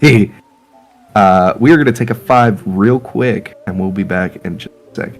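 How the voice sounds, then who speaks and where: A man running a tabletop horror game, relaxed and quick to laugh, filling his speech with "uh" and "like". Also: lowish voice. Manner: relaxed, laughs easily, filler-heavy. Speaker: game master. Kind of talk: game master talk during a session break.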